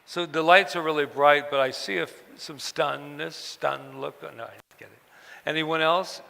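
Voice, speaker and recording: A man telling personal stories to an audience at a book event, halting and repeating words, acting out the voices of people he quotes. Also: fairly high pitch, vocal fry, sharp tone. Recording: long hall reverb.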